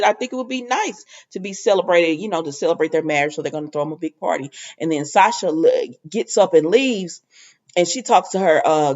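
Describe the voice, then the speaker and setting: Chatty woman recapping, dull lo-fi sound. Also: a little mellow. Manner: rambling, chatty, acts out quotes with a raised pitch. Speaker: recap vlogger. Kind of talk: casual spoken recap. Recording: dull lo-fi recording.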